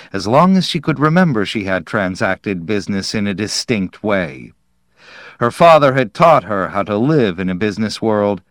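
Slow, low-voiced male audiobook narrator. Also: fairly bright tone, no echo, studio quality. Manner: measured and deliberate.

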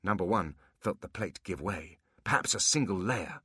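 A man narrating a fantasy audiobook with expressive storytelling. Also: deep voice, moderate pace, hardly any pauses, breathy edge, no room sound, studio quality.

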